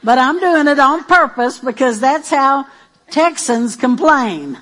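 High-voiced woman preaching with energy. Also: takes it slowly. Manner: animated, emphatic, playful preaching. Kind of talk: sermon.

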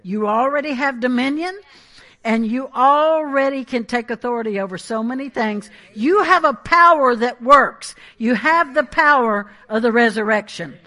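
A woman delivers a sermon with animated emphasis and chatty asides. Her voice sits high and sounds bright. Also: normal speed. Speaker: preacher.

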